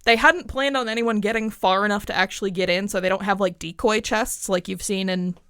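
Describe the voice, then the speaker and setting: A woman runs a tabletop game in a loose, chatty way, leaning on filler words as she describes the scene. Her voice sits at an ordinary pitch and sounds close and dry, with no room around it. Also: fairly quick, clear, resonant tone, dry recording. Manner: relaxed, conversational, with frequent "like" fillers. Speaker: game master.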